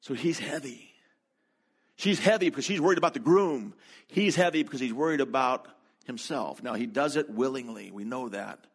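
A man preaching a sermon in a relaxed, conversational storytelling way, with quick asides. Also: medium pitch, breathy edge. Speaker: pastor.

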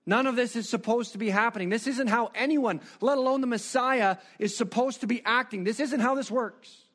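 Brief: male preacher, high-pitched, animated narrative sermon full of rhetorical questions. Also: fairly quick.

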